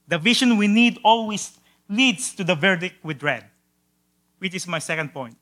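Man, pastor, sermon, high voice, hushed-to-loud swings, drawn-out emphasis, occasional repeated words. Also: lively intonation.

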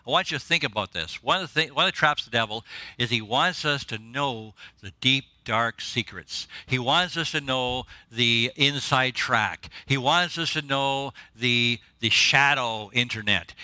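Guest preacher, male, bright and a touch high, excitable and laughing at his own jokes, dry close sound. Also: no echo. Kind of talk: sermon. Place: church.

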